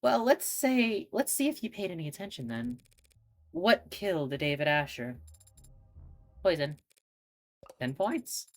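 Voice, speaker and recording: Lady putting on a low gruff detective guy, curt and sarcastic, game voice. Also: very animated, measured pace, long pauses, rough recording. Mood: quizzing. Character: gruff cynical male detective, blunt and sardonic. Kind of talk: game dialogue read aloud.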